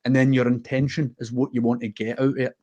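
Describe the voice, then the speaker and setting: As a guest on a podcast interview, an earnest man from the west of Scotland tells his personal story candidly, heartfelt and unguarded. His medium-pitched voice is flat, fast, and a little mellow, and the audio sounds dull.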